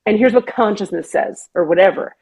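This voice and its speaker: A woman hosting a podcast, talking earnestly and with feeling in casual chat, sometimes slowing down to stress a point. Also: medium pitch, a little mellow, breathy edge, low-quality recording. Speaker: podcast host.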